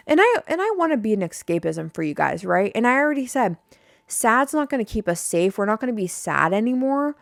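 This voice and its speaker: A woman's voice: on the high side, very animated, a little fast, gravelly, no echo, clean studio sound. A young woman hosting a casual podcast, rambling and swearing freely as she vents to her listeners. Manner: rambling, profane, fired-up. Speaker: podcast host.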